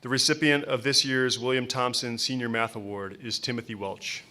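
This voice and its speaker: A man reading a formal award citation in a steady, formal manner. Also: mid-range voice, moderate pace, heavy background noise.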